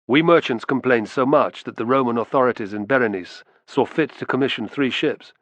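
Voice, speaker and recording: A man's voice: mid-range voice, a little fast, a bit bright, no echo, close to an everyday voice. A man voicing a wealthy, shrewd older beast trader who speaks in a smug, sonorous way. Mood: smug, probing.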